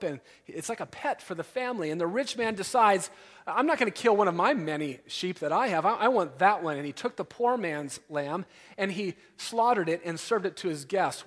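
A man preaching a sermon as pastor, emphatic and animated, building intensity as he teaches. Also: high-pitched, a little fast. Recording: long hall reverb.

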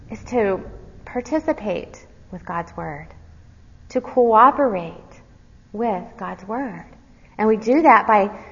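A woman giving verse-by-verse Bible teaching, earnest, quizzing her listeners and dropping to a soft, low voice on key words. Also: breathy edge. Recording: dull recording with long hall reverb.

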